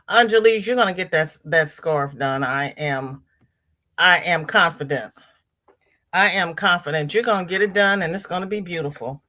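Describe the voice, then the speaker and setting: A woman's voice: lowish voice, a bit bright. A woman hosting a casual livestream from home, reading viewers' comments aloud and answering them in a chatty way. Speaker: livestream host.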